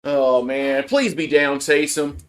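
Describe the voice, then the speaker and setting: A man's voice: on the high side, fairly even intonation, slow, fairly bright tone. A man doing casual live play-by-play of a football game as a fan streamer, frustrated, swearing and repeating himself.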